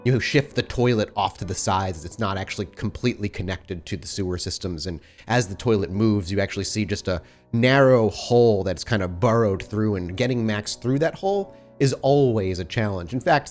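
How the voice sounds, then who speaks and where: A man's voice: fairly low pitch, a little mellow. A man working as game master, narrating scenes to the players in the second person.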